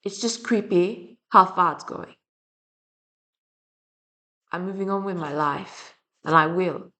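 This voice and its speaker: Speaking slowly in a fairly low, bright voice with a forceful edge, this young woman rambles through a casual vlog rant to camera. She has a French and Slavic accent and swears frequently and bluntly.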